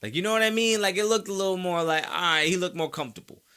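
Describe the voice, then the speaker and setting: A man's voice: high voice, fast, sharp tone, smooth. A man hosting a sports podcast, talking casually and playfully about football stats and now and then mock-quoting fans in exaggerated voices. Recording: mic close by.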